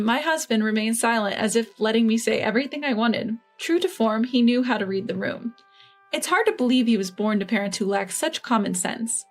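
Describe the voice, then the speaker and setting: Woman in her 30s, first-person story narrator, slightly high voice, faint music bed underneath. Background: faint background music.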